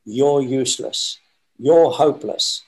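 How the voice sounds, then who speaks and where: A man's voice: mid-range voice, takes it slowly, low-quality recording. A man voicing a furious older male football manager with a Geordie accent, curt and scornful. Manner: curt, scornful put-downs.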